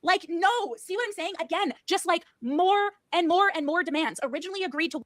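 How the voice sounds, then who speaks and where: A woman streamer ranting angrily, profanely and fast about a cancelled debate. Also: extremely high pitch, expressive, a bit bright, no echo, clean studio sound. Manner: angry, profane, rapid-fire. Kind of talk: heated rant.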